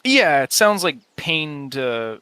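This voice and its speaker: Bright-voiced game master, relaxed narration. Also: male voice, a little high, clear, resonant tone. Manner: relaxed, many filler pauses.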